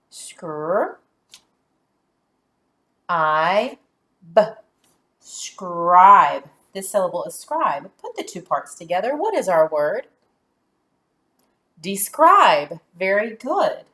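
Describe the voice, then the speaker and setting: A woman teacher giving a phonics lesson to young children, sounding out letters and syllables deliberately and praising answers. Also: medium pitch, fairly bright tone.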